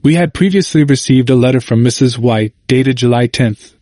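Guy reading an old history book out loud, calm and even, dry close mic. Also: mid-range voice, normal speed, no echo. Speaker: audiobook reader. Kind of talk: scripted narration of a historical book.

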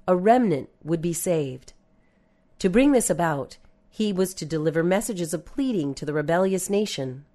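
A woman reading a religious text aloud in a measured way, dropping her voice for the scripture references. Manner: measured, reads scripture references in a lower, softer voice. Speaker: reader. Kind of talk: scripted narration of a religious book.

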